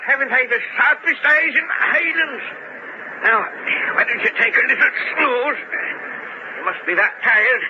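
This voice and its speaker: An actor playing a sly, teasing Highland boatman who speaks in riddles in an old radio drama. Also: lively intonation, normal speed. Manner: riddling, gruffly playful. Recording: muffled old radio recording with hiss.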